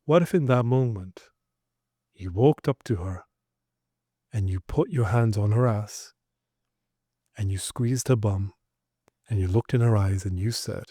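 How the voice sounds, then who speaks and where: A man's voice: mid-range voice, expressive, unhurried, pauses often, mellow, no echo, clean studio sound. Emphatic man lecturing on relationships. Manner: direct, emphatic, lecturing listeners with acted examples. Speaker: relationship coach. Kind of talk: instructional monologue.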